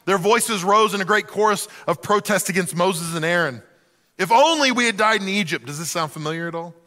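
A man preaching a sermon in an animated way, acting out the voices of the people in the story. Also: high-pitched, fairly quick, big-room sound. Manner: animated, acts out quoted voices. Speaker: pastor.

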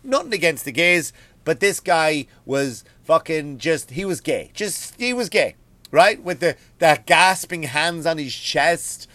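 Irish male comic, slightly high voice, dry close sound, swearing and animated in his storytelling rant. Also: a little slow, no room sound. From Ireland. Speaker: comedian and podcast host. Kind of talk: comedic rant.

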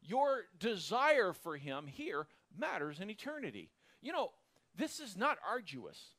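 Animated high-voiced male preacher. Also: a little slow. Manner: animated, bursts into excited shouting; reads scripture aloud, acts out quoted voices. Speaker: Bible teacher. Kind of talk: sermon.

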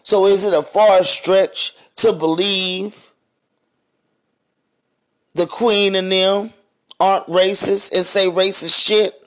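A man's voice: high voice, fairly even intonation, takes it slowly, long pauses, fairly bright tone. A man hosting a podcast, speaking in a blunt, profane, heated monologue rant. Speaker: podcast host. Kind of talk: ranting monologue.

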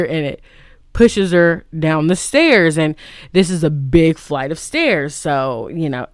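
A vlogger casually retells a film's plot, rambling along with restarts and plenty of "like". The smooth, mid-range voice is recorded dry and close, with no room sound around it.

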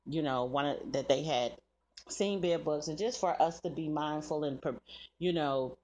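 Chatty woman vlogger, lowish voice. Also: normal speed, a little mellow. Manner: chatty, addresses viewers as "y'all", laughs through her words. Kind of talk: casual chat to viewers.

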